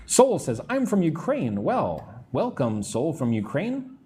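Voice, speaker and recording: A middle-aged American man teaching English on a live stream, answering chat comments and slowly modelling phrases for listeners to repeat. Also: fairly high pitch, sing-song, a little mellow, a little hiss or hum. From United States. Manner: slow, careful modelling of phrases for repetition. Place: room in Vietnam.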